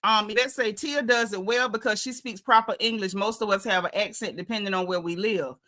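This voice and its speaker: Bright-voiced woman giving an animated recap. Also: medium pitch, fairly quick. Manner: animated, conversational, talks straight to viewers. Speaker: reality TV recap vlogger. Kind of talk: casual reality-show recap commentary.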